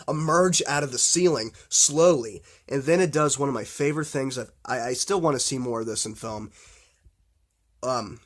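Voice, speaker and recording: Rambling, swearing man talking horror films. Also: medium pitch. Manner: rambling, full of fillers and restarts; blunt and profane. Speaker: horror film vlogger. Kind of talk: casual unscripted film talk.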